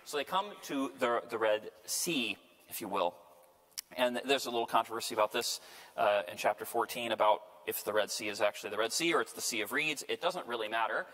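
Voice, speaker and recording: Male priest lecturer, casual teaching tone, mid pitch, reverberant hall. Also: fairly quick, a bit bright. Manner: conversational, checks in with "right?". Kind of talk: Bible study lecture. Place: parish lecture room.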